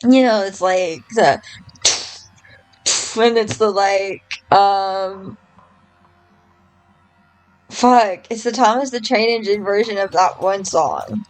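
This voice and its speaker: A woman's voice: medium pitch, takes it slowly, pauses often, faint music behind, low-quality recording. A young woman streamer casually commenting on a game, rambling, swearing freely and trailing off into fillers.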